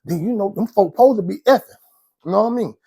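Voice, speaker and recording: A man's voice: high voice, very fast, gravelly, dark tone, husky. A man, casually telling his own story in a slangy, rambling way and often checking in with the listener. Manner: slangy, rambling, keeps asking "you know what I'm saying".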